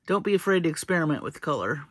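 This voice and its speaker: A fast-talking woman with a low voice animatedly hosts a casual jewelry-making demonstration. She goes through each step chatty and playful, with small laughs. A little hiss or hum is present.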